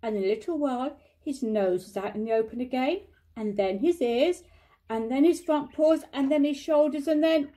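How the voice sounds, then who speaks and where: An older woman reading a children's storybook aloud in a slow, careful manner. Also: high-pitched, warm tone.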